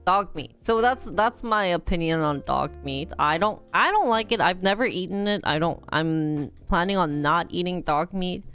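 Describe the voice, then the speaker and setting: A woman's voice: fairly low pitch, lively intonation, normal speed, hardly any pauses, a bit bright, clear, resonant tone, soft background music. A young woman chatting casually on a live stream, giggly and talkative, dropping in Korean words. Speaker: livestreamer.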